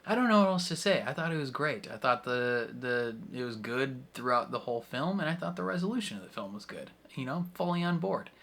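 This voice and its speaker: A man's voice: mid-range voice, expressive, fairly quick, gravelly, few pauses, fairly bright tone. A man with an ordinary mid-range voice talks through his thoughts on a film he just watched. He rambles casually, restarts sentences and chuckles between points. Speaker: movie reaction YouTuber. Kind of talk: casual spoken movie review.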